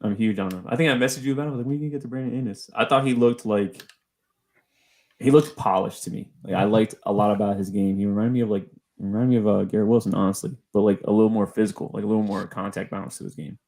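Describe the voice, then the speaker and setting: A man's voice: on the low side, steady tone, quick pace, darkish tone. A man co-hosting a casual sports podcast, enthusiastic and analytical, with many fillers. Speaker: podcast co-host.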